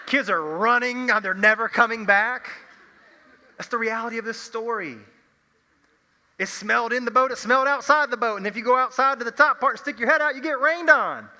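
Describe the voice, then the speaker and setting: A man preaching a youth sermon, telling the story with lively energy and acting out imagined voices. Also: high-pitched, in a large hall. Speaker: youth pastor.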